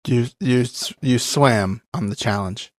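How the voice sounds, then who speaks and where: A man's voice: mid-range voice, a little slow, dry recording. A man co-hosting a podcast, chatting casually about a reality show with dry, teasing sarcasm. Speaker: podcast co-host. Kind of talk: casual reality-TV recap chat.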